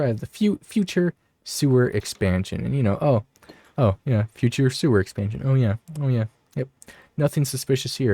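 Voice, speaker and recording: A young man giving casual, rambling commentary while touring his game world, often breaking off in excited asides. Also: on the low side, no echo. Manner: rambling, self-interrupting, easily excited. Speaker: gaming video creator.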